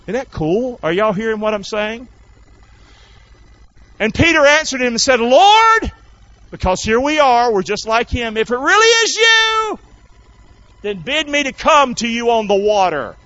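A man preaching a sermon in a folksy, call-and-response way, swinging between shouted lines and low asides. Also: animated, normal speed, muffled recording. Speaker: pastor.

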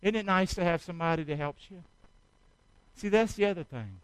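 In church, a pastor breathlessly exhorts his congregation and prompts them to call back while carrying out a demonstration during his sermon. His voice sits high, animated and fairly quick, with a clean tone. The recording has no room sound and is low in quality.

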